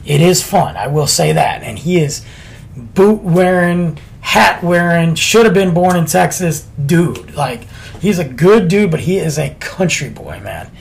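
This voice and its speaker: A man's voice: fairly high pitch, expressive, unhurried, gravelly. A man casually telling a story on a podcast, laid-back and chatty with lots of slang.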